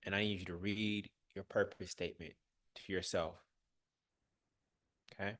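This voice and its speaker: A man's voice: deep voice, level tone, moderate pace, fairly bright tone, no room sound, clean studio sound. A man hosting a live online coaching session, giving direct, coaxing instructions with casual slang. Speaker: workshop host.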